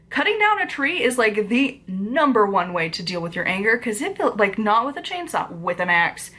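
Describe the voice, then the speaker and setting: A woman's voice: fairly high pitch, pushed and bright. A woman in a casual vlog book review, mid-rant. She is exasperated, peppers every sentence with "like", and swears freely in her everyday speaking voice. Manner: exasperated ranting, heavy use of "like", casual swearing. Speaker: book reviewer and witchcraft author.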